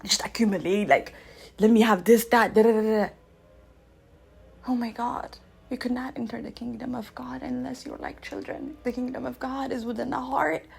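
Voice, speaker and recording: A woman in her thirties, with a voice that sits a little high, hosts a radio show in a casual spiritual monologue. She talks with animated energy, jumping to loud bursts and then dropping to soft, near-quiet asides. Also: moderate pace, vocal fry, breathy edge. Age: 30s.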